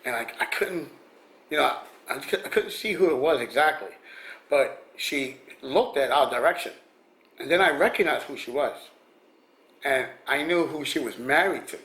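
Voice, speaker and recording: A man's voice: mid-range voice, animated, normal speed, a bit bright. A man vlogger casually telling celebrity encounter stories, rambling with many restarts and little chuckles. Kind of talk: casual storytelling. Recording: echoey room.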